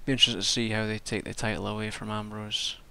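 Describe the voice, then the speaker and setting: A man's voice: on the low side, level tone, quick pace, pushed and bright, smooth. A tired man rambling casually through a wrestling show review, swearing and restarting his sentences. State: tired from staying up all night.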